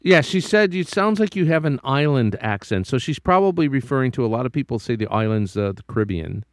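A man's voice: mid-range voice, expressive, fairly quick, no echo, studio quality. A male radio host reading out listener mail in a friendly, easygoing way.

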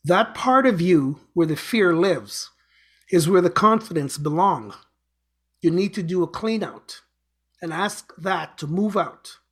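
A man's voice: fairly high pitch, a bit bright, husky. A man hosting an inspirational show, giving an earnest motivational talk with repeated exhortations and a told fable. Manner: earnest, repetitive urging, exhortations.

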